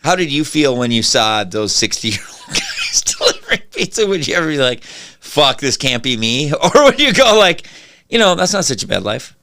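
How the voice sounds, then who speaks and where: A man's voice: fairly high pitch, huge pitch swings, moderate pace, pushed and bright. A man hosting a podcast, chatting casually and telling profane, self-mocking stories. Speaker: podcast host. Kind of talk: casual chat.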